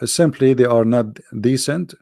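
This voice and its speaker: Gravelly, blunt man, dry sound. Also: medium pitch, a little slow, dark tone, no echo. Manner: blunt, scornful, repeats himself. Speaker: livestream host. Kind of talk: combative religious talk.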